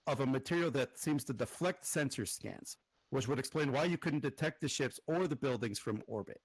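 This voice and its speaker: A man's voice: medium pitch, no echo, poor audio. A man narrating a tabletop role-playing session as game master, easygoing and a little hesitant.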